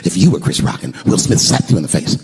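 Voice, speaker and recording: A man voicing a curious fan asking him a question, in a plain lower tone. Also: sing-song, fast talker, a little mellow, long reverb tail. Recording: live show with crowd laughter and noise.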